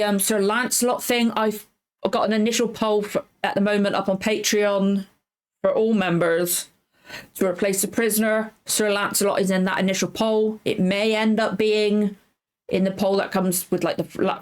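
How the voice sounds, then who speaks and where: A woman hosting a reaction channel, chatting casually and rambling, correcting herself, close to tears. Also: medium pitch. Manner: rambling, self-correcting, emotional. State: tearful. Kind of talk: casual recap chat.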